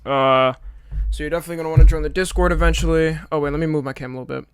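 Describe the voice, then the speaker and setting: A man's voice: fairly high pitch, fairly even intonation, rapid-fire, smooth, no room sound, clean studio sound. A young man streaming live, chatting casually and a little tired, swearing freely as he greets viewers by name.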